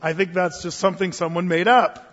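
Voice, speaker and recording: A man preaching a sermon in a church, telling stories with animated delivery and acting out the voices of others. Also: high-pitched, brisk, big-room sound, dull audio. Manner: animated storytelling, acts out quoted voices. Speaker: pastor.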